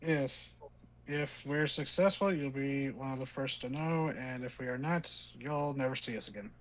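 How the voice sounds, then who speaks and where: Player, male, mid pitch, earnest, on a dull lo-fi mic. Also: moderate pace. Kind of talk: casual tabletop role-play.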